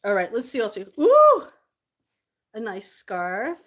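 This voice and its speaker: A woman's voice: mid-range voice, normal speed. A woman vlogger chatting casually to the camera, tearful at times and laughing often between lines.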